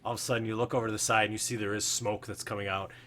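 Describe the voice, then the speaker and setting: Low-voiced man running a tabletop game. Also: a little hiss or hum. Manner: relaxed, filler-heavy narration with quick guard voices. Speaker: game master.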